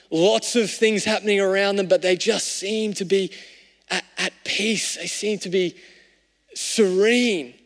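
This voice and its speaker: High-voiced male pastor in a reverberant hall. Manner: conversational, shifting between raised emphasis and hushed reflection. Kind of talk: sermon.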